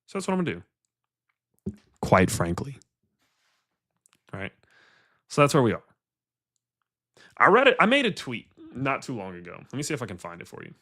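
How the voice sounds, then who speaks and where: A man's voice: medium pitch, wildly swooping pitch, moderate pace, pauses often, a bit bright. A man hosting a casual livestream about crypto investing, ranting bluntly and swearing, with rhetorical questions to his viewers.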